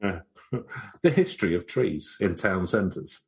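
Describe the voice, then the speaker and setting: Deadpan low-voiced podcast co-host man. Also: unhurried, vocal fry, husky. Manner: dry, deadpan joking. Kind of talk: casual comedic chat.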